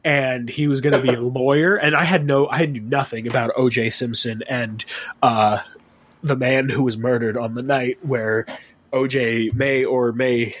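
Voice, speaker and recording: A young man in casual podcast chat, telling tabletop game stories in an animated, profane way. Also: mid-range voice, moderate pace.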